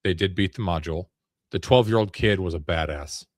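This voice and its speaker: A man in casual chat, telling a long rambling story in an animated way. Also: deep voice, a little fast, no room sound, clean studio sound.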